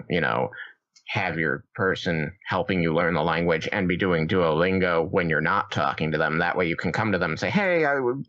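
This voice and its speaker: A man co-hosting a gaming podcast in casual chat, acting out his own reactions with lively shifts. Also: deep voice, no room sound, lo-fi sound. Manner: animated, acts out his own past reactions. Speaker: podcast co-host.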